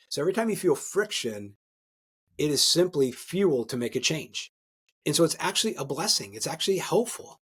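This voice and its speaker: A man talking as a guest coach in a podcast interview, energetic and emphatic, often tagging his points with "right?" and restarting words as he gets going. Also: on the high side, slightly rough. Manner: repeats and restarts words when excited.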